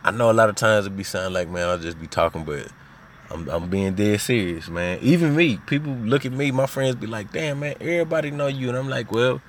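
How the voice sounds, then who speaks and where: Laid-back Arkansas man with a low voice. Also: brisk, slight background noise. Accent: Southern US, Arkansas. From Little Rock, Arkansas. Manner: laid-back, slangy, peppered with "you know what I mean". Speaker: podcast host. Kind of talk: casual personal storytelling.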